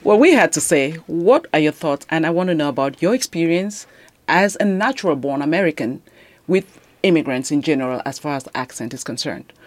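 Lively low-voiced woman radio host. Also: fairly quick, no echo. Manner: lively, affirming, interjects often. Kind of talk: radio panel discussion.

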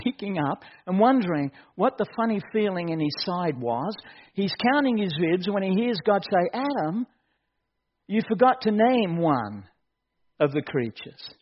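Animated preacher man, muffled recording. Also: high-pitched. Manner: animated, joking, builds to excited shouts. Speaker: pastor. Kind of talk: sermon.

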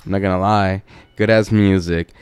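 A man's voice: low-pitched, fairly even intonation, normal speed, clean tone, no room sound. A man hosting a podcast, telling a story in a casual, profane, laid-back way with laughing asides. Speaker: podcast host.

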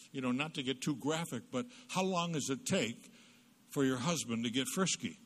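Male guest speaker, comic church talk; bright, emphatic, plays both sides of dialogue. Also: mid-range voice, in a large hall. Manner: comic storytelling, acting out both sides of conversations; punchy, emphatic asides to the audience.

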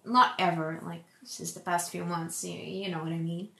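A young woman hosting a solo podcast, chatting casually in a rambling way and calling herself loud. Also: fairly low pitch, flat delivery, moderate pace, vocal fry. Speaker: podcast host. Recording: echoey room.

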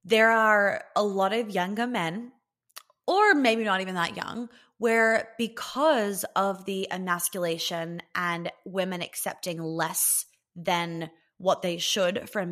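A woman's voice: medium pitch, a bit bright. A woman hosting a podcast as a relationship coach, talking casually and bluntly, swearing freely and filling her speech with "like". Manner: chatty and blunt, swears freely, many "like" fillers.

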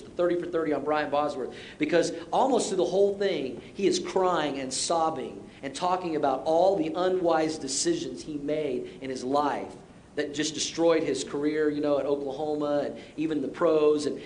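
High-voiced pastor preaching in a roomy church. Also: male voice. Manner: conversational, self-deprecating humor with repeated short exhortations. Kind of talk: sermon. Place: church sanctuary. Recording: roomy church sound with faint rumble.

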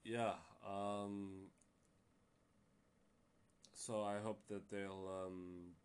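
A man's voice: on the low side, little pitch movement, drawn-out words, clear, resonant tone. A man hosting a casual solo podcast, rambling with many fillers and restarts and sounding exasperated. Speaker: podcast host.

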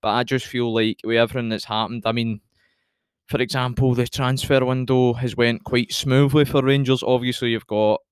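A young Scottish man co-hosts a podcast in a loose, rambling chat, often breaking into laughter. His voice is smooth and clear. The recording is dry and close, with no room sound. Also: medium pitch, fairly even intonation, moderate pace, dry recording. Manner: chatty, laughs a lot, rambling. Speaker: podcast co-host. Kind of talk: casual chat.

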